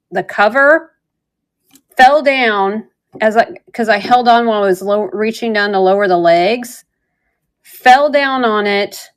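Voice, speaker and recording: A woman casually chatting while selling jewelry live, telling a rambling story with lots of fillers. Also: mid-range voice. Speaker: online jewelry seller. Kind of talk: casual live-sale chat.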